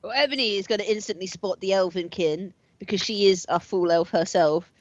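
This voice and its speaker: A woman playing a tabletop role-playing game, excitable and animated, often laughing. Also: medium pitch, fairly quick, dry recording, muffled recording. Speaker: player. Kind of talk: casual tabletop role-play chat.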